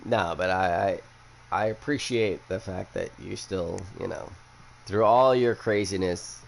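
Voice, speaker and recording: A man's voice: low-pitched, measured pace, vocal fry, slight background noise. A young man hosting a casual chat, who rambles bluntly and swears a lot after a few drinks. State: has been drinking. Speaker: podcast host.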